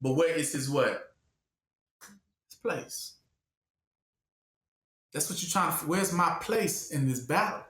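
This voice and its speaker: Animated preacher with an echoey sound. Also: male voice, a little high, slow pace, pauses often. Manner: animated, acts out voices and asks the room to finish his sentences. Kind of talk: call-and-response sermon. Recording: echoey room.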